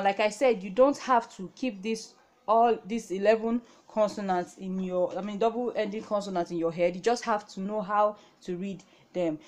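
A woman's voice: mid-range voice, a little mellow. A young woman from Nigeria teaching a reading lesson at a whiteboard, patient, repeating each word and checking in with "okay?". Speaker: language teacher.

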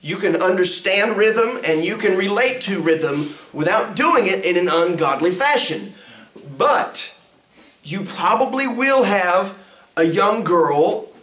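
A man, a pastor teaching a music ministry class in an animated lecture that swoops up and down in pitch. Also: slow. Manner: acts out sounds and quotes with big pitch jumps. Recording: roomy echo.

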